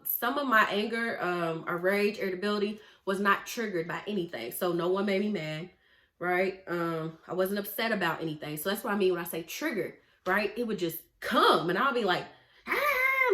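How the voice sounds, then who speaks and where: Chatty young woman in a roomy space. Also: medium pitch. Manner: chatty, animated, often asks "right?". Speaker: vlogger, mental health therapist. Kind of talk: casual personal vlog talk. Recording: roomy echo.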